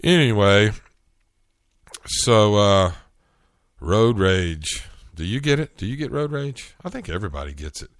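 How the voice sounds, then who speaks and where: A man's voice: fairly low pitch, expressive, unhurried, no room sound, clean studio sound. A man from North Carolina with a Southern US accent, chatting casually and telling stories in a solo podcast monologue. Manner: chatty, storytelling, frequent restarts. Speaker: podcast host.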